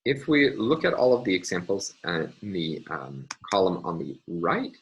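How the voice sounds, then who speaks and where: A man's voice: low-pitched, very animated, normal speed, highs cut off, slight background noise. A man lecturing step by step in a recorded university class, methodical and hesitant, with frequent ums and uhs.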